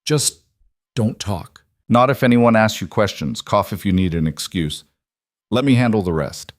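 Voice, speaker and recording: A man reading a story aloud, voicing a poor young seamstress who talks in a brisk, practical, teasing way, close on a dry mic. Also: fairly low pitch, no echo, lightly acted. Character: young woman, poor brave quick-witted seamstress.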